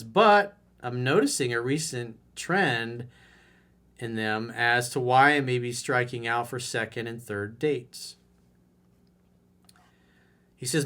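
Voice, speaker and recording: A man's voice: mid-range voice, slow pace, fairly bright tone. A man who coaches people on dating, reading out a viewer letter and answering it in a blunt, mocking way.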